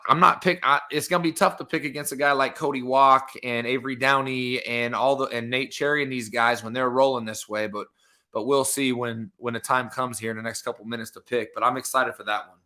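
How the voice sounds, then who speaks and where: A man co-hosting a sports podcast talks through the games in an excited, casual way. His voice sits at an ordinary pitch but sounds bright and forceful, with a clear edge on every phrase. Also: brisk. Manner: excited game-by-game breakdown. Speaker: podcast co-host.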